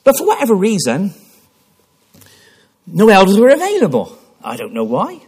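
A man's voice: high voice, wildly swooping pitch, moderate pace, a little mellow, slightly rough. A man preaching a sermon in church, telling a story with passion and frequent restarts. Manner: impassioned storytelling with repeated restarts.

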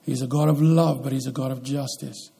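A man preaching a sermon as pastor, swinging between loud, emphatic lines and quiet, slow ones. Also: medium pitch, fairly even intonation, creaky, slightly rough.

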